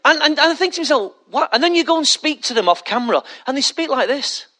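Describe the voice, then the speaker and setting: Male pastor, high and bright, conversational sermon with rhetorical questions. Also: lively intonation, quick pace.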